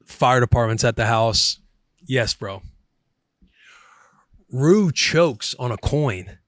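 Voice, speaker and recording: A man in his thirties, a podcast host, telling a story in a casual, animated way, swearing and calling his listener bro. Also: medium pitch, slow pace, no echo, clean studio sound.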